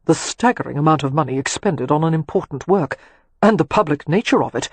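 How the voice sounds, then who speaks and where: An audiobook reader voicing a charming, self-assured young nobleman with wry, teasing talk, husky in tone. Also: mid-range voice, expressive, brisk, dry recording. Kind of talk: audiobook character reading.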